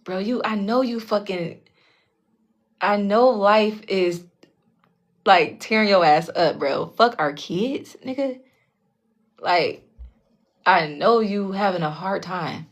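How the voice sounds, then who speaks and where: A woman's voice: mid-range voice, slow pace, pauses often. A woman telling a personal story in a casual, blunt monologue, heavily profane, often checking in with her listeners and acting out the people in her story. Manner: animated, acts out the other people in her story. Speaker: tarot channel host telling a personal story.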